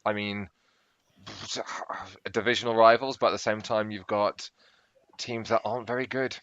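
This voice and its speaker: A man's voice: lowish voice, steady tone, unhurried, fairly bright tone, no room sound. Rambling British man on a dry, dull mic. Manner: rambling, self-interrupting, apologetic. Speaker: podcast co-host. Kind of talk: casual chat.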